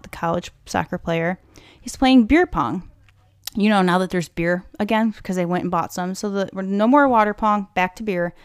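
A woman's voice: on the low side, a little mellow, dry recording, clean studio sound. A woman hosting a podcast, telling a crime story casually with indignant, profane asides and sudden whispered remarks. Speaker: true crime podcast host.

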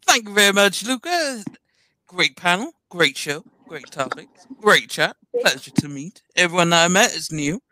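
A man's voice: sits high, big pitch swings, normal speed, bright, forceful tone, no echo. A man joining a podcast panel, speaking politely and playfully with some self-mockery. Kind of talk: casual chat.

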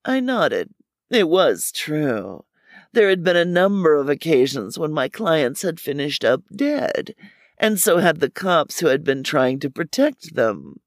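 A man's voice: fairly high pitch, gravelly, no room sound, clean studio sound. Wry man narrating crime story. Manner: wry, deadpan.

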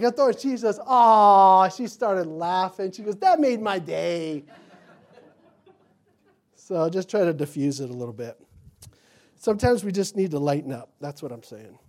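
A middle-aged male pastor with a high-pitched but dark-toned voice tells folksy personal stories during a sermon. He acts out the voices of the people he quotes.

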